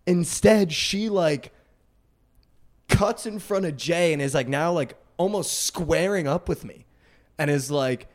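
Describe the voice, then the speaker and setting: A young man on a podcast telling a wild night-out story with loose, animated energy. He leans on "like" and "dude" constantly and acts out the other people's lines. His voice sits a little high. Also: slow. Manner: animated, heavy use of "like" and "dude", acts out quotes. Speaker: podcast co-host. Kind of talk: casual storytelling chat.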